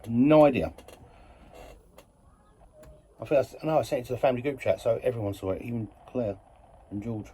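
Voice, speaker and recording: A man's voice: medium pitch, a little fast, long pauses, dark tone, breathy edge. A man telling a rambling, chatty story about his week and his model railway, often correcting himself mid-sentence. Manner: chatty, meandering, self-correcting. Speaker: model railway hobbyist vlogger.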